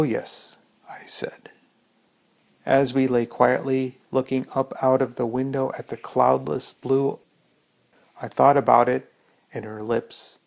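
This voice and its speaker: A man with a gravelly voice reading a first-person story in a slow, reflective way. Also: medium pitch.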